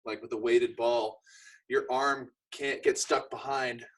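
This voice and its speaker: A man with a medium-pitched voice talks slowly and casually while explaining and demonstrating arm training drills, using relaxed everyday examples. The audio quality is poor.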